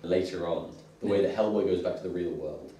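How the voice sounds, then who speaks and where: A man hosting a casual comic review, retelling scenes in an animated way. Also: low-pitched, fairly quick, slight background noise. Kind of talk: casual chat. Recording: echoey room, mic at a distance.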